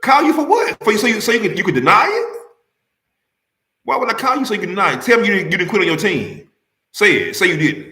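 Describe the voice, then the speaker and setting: A man hosting a live stream, teasing and badgering a caller about football, repeating his questions and laughing loudly. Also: high voice, sing-song, fast, reverberant. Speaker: livestream host.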